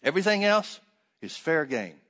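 A man preaching a sermon, reading scripture aloud and then explaining it with rhetorical questions, swinging between loud emphatic stresses and hushed asides. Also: on the high side, very animated, moderate pace.

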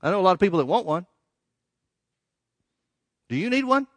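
A man with a high voice preaches a sermon, his pitch swinging widely, with no room sound in the recording. He reads verses and explains them emphatically, rising and falling and pausing for dramatic effect.

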